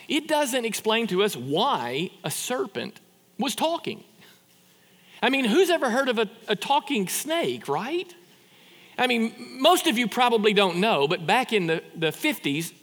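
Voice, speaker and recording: A man preaching a sermon in a conversational, animated way, full of rhetorical questions and quick restarts. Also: high-pitched, big-room sound. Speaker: pastor.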